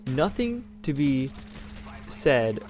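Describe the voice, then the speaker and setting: A man's voice: medium pitch, big pitch swings, extremely slow, darkish tone, soft background music. A young man hosting a gaming channel, talking in a rambling, indignant rant with many restarts. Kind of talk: casual opinion rant over gameplay.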